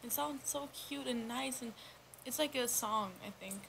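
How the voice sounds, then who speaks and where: A woman's voice: high voice, normal speed, gravelly. A young woman talks casually in English on a livestream, thinking aloud as she goes. Her sentences wander and restart, filled with ums and little stumbles. A faint hiss sits under her voice. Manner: rambling, hesitant with many ums and restarts. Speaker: livestream co-host. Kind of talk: casual chat.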